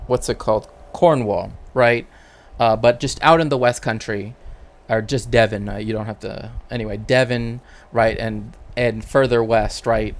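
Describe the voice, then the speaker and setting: A man streaming as a cultural historian, talking casually and rambling, checking in with tag questions. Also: mid-range voice. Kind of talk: casual livestream chat.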